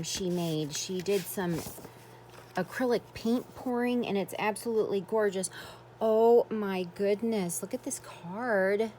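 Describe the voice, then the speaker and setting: A woman's voice: medium pitch, darkish tone, a little hiss or hum. A woman vlogging as she unboxes a craft swap, gushing with effusive exclamations in casual chat.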